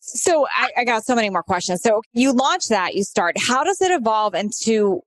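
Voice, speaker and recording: Woman podcast host, upbeat, affirming, quick questions, dry close sound. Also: on the high side, sing-song, dry recording. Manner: enthusiastic, affirming, rapid-fire questions. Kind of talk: casual interview chat.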